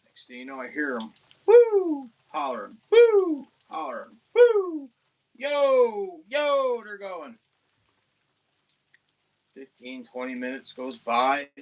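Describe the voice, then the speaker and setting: A young man from Pennsylvania, hosting an outdoors channel, telling a rambling, excited hunting story with many restarts. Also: mid-range voice, a little slow, vocal fry, long pauses. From Pennsylvania, USA.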